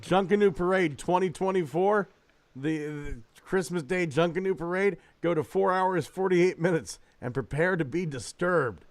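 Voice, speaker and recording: A man's voice: high voice, moderate pace, no echo. A man hosting a podcast, talking loosely and joking, swearing freely. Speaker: podcast host. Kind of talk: casual chat.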